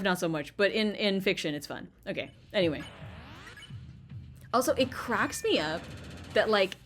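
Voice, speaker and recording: A woman hosting a gaming channel, giving rambling, chatty let's play commentary full of fillers, swinging between loud outbursts and quiet muttering. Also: medium pitch, a little hiss or hum.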